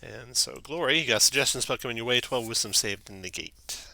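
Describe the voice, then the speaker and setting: A man running a tabletop game as dungeon master, brisk and quick to laugh. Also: mid-range voice, creaky, bright, forceful tone, dry recording. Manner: brisk, laughs often, slips into quick character voices.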